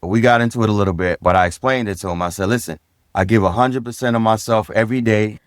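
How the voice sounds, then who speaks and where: A middle-aged man from Brooklyn, a former police sergeant guesting on a podcast, telling stories from his career in an easygoing, direct way and getting animated when he acts out conversations. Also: on the low side, fast talker, clean tone, dry recording, clean studio sound. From Brooklyn, New York. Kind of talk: casual storytelling in a podcast interview.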